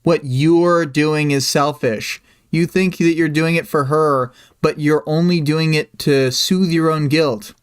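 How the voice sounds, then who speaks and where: Petulant teen girl as a man puts her on, scornful, scolding, pitched up high, smooth clear tone. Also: steady tone, takes it slowly, hardly any pauses.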